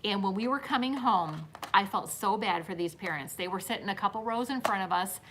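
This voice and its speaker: A woman's voice: medium pitch, expressive, brisk, background noise. A woman in her fifties hosting a casual live-stream chat, telling stories to her viewers and laughing often. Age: 50s. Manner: chatty storyteller, talks straight to viewers, laughs often. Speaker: host.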